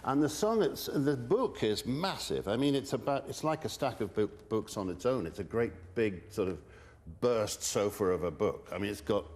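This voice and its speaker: An older man, a musician guest speaking haltingly with many restarts in a radio studio interview. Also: lowish voice, expressive, reverberant, big-room sound. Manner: halting, many restarts, soft-spoken, sings with guitar. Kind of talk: relaxed interview with sung and played song snippets.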